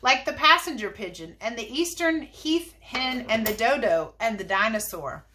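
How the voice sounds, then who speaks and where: A woman reading a storybook aloud and voicing a cheerful, excited male storekeeper who talks high and eagerly. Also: normal speed, a little hiss or hum.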